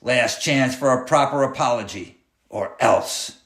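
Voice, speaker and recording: Pushing his voice up into a mid-range, slightly bright tone, a man speaks unhurriedly as a taunting, cruel clown who drives a school bus. He barks sneering, bossy threats, the mood menacing, and the room sounds roomy and echoey.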